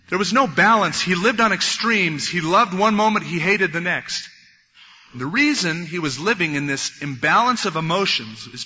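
A man preaching a sermon, animated, acting out the voices of biblical figures as he goes. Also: high voice, slight background noise. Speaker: pastor. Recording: dull lo-fi recording in a reverberant hall.

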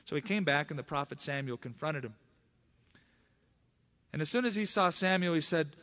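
A man's voice: a little high, lively intonation, moderate pace, pauses often, fairly bright tone. A middle-aged man preaching a sermon as pastor, teaching through scripture with emphatic rises in his voice.

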